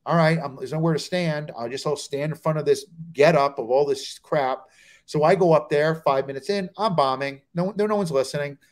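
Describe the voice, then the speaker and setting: A man's voice: on the high side, a little fast. A middle-aged man from New Jersey, a stand-up comedian telling road stories as a guest on a comedy talk show, acting out the people in them. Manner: animated storyteller, acts out quoted voices.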